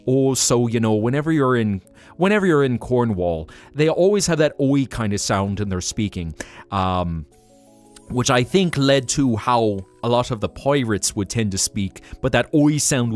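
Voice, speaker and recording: A man streaming live, chatting casually in a rambling, animated way, often laughing and thanking viewers. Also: lowish voice, moderate pace, soft background music.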